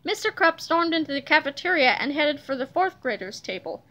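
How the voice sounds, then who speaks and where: Female reader, children's book aloud, lively, high and bright. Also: brisk.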